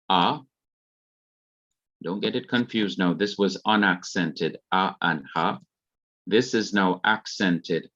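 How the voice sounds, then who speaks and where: A man's voice: on the low side, a bit bright, highs cut off. A man with a Jamaican accent, carefully explaining grammar rules in an online revision lesson. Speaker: Hebrew teacher.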